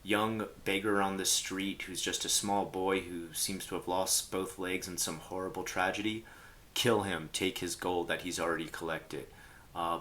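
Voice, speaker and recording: A man casually telling gaming stories, rambling with lots of fillers and acting out people he quotes. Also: low voice. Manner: rambling, filler-heavy, animated quoting. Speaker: role-playing game commentator. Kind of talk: casual storytelling to camera.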